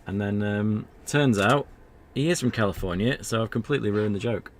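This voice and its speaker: A man's voice: on the low side, brisk, a little hiss or hum. A man streaming an old adventure game, chatting casually in a rambling, self-deprecating way. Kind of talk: casual gameplay commentary.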